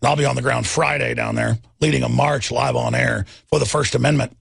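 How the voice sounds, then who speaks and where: A male radio host ranting angrily and emphatically, sometimes shouting, with a gravelly voice. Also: mid-range voice, steady tone, fairly quick, no room sound, studio quality, soft background music. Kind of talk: talk radio rant.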